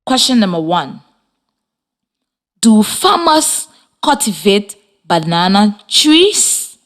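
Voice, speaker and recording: A woman teaching a children's reading lesson on the radio, giving slow, encouraging, clear instructions. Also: mid-range voice, big pitch swings. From Liberia.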